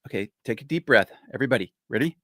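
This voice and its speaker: An older man hosting his own show, commenting excitedly on a clip he plays, rambling and repeating himself. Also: mid-range voice, rapid-fire, no echo, clean studio sound. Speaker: host. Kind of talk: casual commentary on a played clip.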